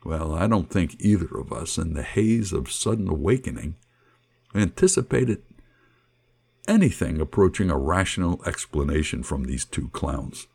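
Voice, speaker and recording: A middle-aged man telling a personal story in an animated, colloquial, jokey way. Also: deep voice. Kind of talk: personal anecdote narration.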